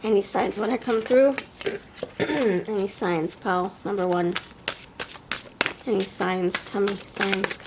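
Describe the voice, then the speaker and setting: A woman's voice: medium pitch, fairly even intonation, slow, long pauses, heavy background noise. Chatty woman with a New York accent. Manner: chatty, thinks aloud, laughs often. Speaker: tarot reader. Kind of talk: pick-a-card tarot reading.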